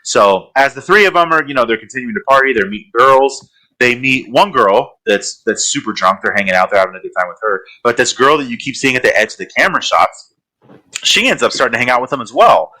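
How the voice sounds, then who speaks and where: Man with a bright, forceful voice. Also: mid-range voice, expressive, fast, low-quality recording. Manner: rambling storytelling with fillers. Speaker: podcast co-host. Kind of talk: casual horror podcast recap.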